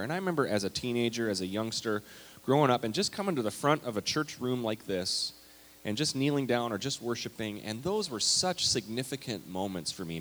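A man's voice: mid-range voice, fairly bright tone. A man preaching a conversational, story-filled sermon as pastor of a church. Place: church sanctuary. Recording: long hall reverb.

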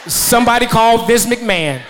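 A man in his thirties performing a stand-up comedy set, loud and profane, laughing at his own jokes as the audience laughs. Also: very high voice, moderate pace, some chatter behind. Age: 30s.

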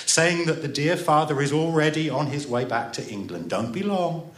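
A man reading a story aloud and voicing a caring, anxious mother who fusses and hurries out quick warnings. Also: fairly high pitch, lively intonation, a bit bright, slight background noise. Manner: fussing, giving quick warnings. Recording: roomy echo.

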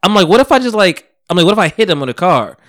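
A man co-hosting a podcast in loose, casual chat. His voice sits fairly high for a man. He rambles through long stories, laughs often and acts out the people in them. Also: very animated, racing, a bit bright. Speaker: podcast co-host.

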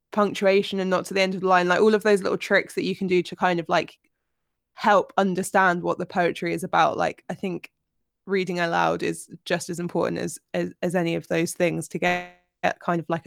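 This twenty-something podcast co-host has a creaky, mid-range voice and chats casually about books, book-club style, full of fillers and restarts. The sound is dry and clean, studio quality.

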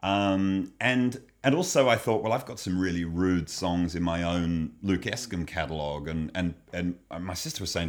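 A man's voice: low-pitched, normal speed, few pauses. A man, a children's musician and comedian, talking as an interview guest, thoughtful and often restarting sentences. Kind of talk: casual interview chat.

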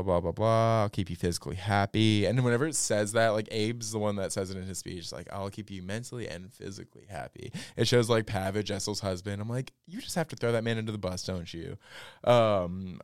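Guy doing a casual podcast recap, lots of likes and ums, smooth lowish voice, dry close mic. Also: no room sound. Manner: chatty, sarcastic asides, many fillers. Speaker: podcast host.

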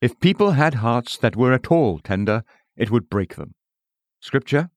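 A man's voice: mid-range voice, animated, a little slow, no echo, clean studio sound. A man reading an old-fashioned sermon aloud in an earnest, pleading manner. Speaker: preacher. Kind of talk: read sermon.

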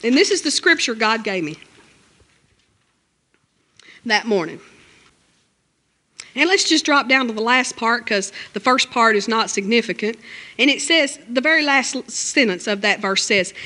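A woman preaching a sermon and reading scripture aloud, emphatic and conversational, with her voice jumping up high on key phrases. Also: expressive, moderate pace, pushed and bright. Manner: conversational asides, 'you know'.

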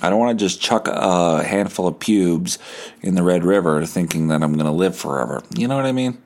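Deep-voiced sarcastic man rambling. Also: brisk. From Canada. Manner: sarcastic, joking deadpan. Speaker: podcast host. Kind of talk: rambling solo podcast talk.

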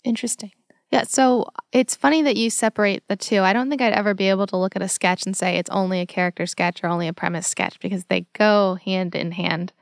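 A woman's voice: mid-range voice, fairly even intonation, quick pace, vocal fry, no room sound, clean studio sound. A woman guest on a comedy panel, chatting in an upbeat, conversational way. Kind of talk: casual discussion.

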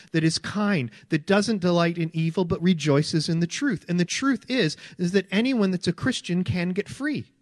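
A man's voice: sits high, no room sound, studio quality. A man preaching a sermon in an earnest, conversational way, often repeating his phrases. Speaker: pastor.

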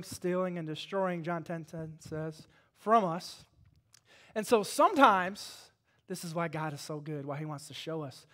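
A pastor in his forties with a high voice preaches a sermon, swinging dynamically from hushed tones to loud, fervent delivery.

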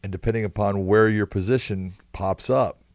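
A man's voice: on the low side, fairly even intonation, normal speed, no room sound, clean studio sound. A man co-hosting a podcast in casual chat, emphatic and full of advice. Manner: emphatic, advice-giving, breaks into short exclamations. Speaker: podcast co-host.

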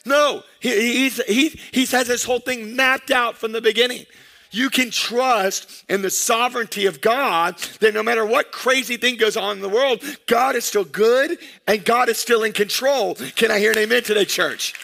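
Bright, gravelly-voiced preaching man. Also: sits high, normal speed. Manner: energetic preaching, calls out to the congregation. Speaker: pastor. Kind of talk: sermon.

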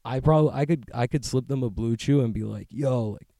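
An American man with a mid-range, warm voice hosts a podcast outdoors on a street, speaking briskly with no room sound. He rambles and jokes in a profane, casual way, often working himself up into a rant.

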